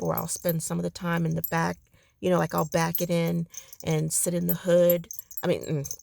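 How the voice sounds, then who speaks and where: A woman's voice: lowish voice, vocal fry, darkish tone, dry recording. A tired woman with a crackly voice chatting casually in a rambling vlog from her parked car. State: tired, ready for bed. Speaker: vlogger.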